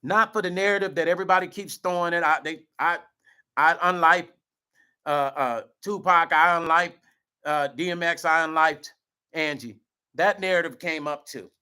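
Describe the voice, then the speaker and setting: A man's voice: fairly high pitch, moderate pace, bright, forceful tone, clean tone. A middle-aged man vlogging, earnest and close to tears, repeating himself and speaking straight to his viewers. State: choked up, near tears. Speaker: vlog host. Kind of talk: emotional direct-to-camera talk.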